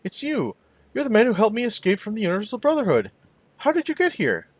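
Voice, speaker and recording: A man voices a rescued young woman in a game, high-pitched and strained. She sounds insistent and haunted, and she pushes hard at those who only talk. The room is dry and close. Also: huge pitch swings, quick pace, breathy edge, dry recording, full character voice. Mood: stunned. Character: frightened, bitter young woman, rescued daughter.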